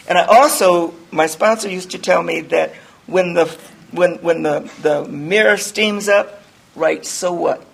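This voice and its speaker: A woman's voice: fairly low pitch, unhurried, creaky, a little hiss or hum, low-quality recording. An older woman giving a candid, rambling personal testimony to a group, mocking herself as she tells it. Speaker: recovery speaker.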